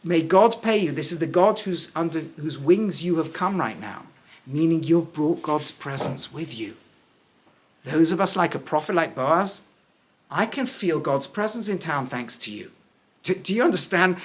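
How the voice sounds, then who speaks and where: Middle-aged male rabbi, lively lesson voice, fairly high, acts out the text. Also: moderate pace. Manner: acts out the characters' lines with big pitch swings; drops to a low, quiet voice for key points. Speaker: rabbi teaching a text class. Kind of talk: animated Bible lesson.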